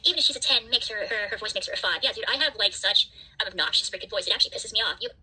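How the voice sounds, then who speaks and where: A woman's voice: mid-range voice, very fast, sharp tone, breathy edge, low-quality recording. A woman hosting a livestream, ranting at her chat in an angry, profane, defiant way. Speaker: livestream host.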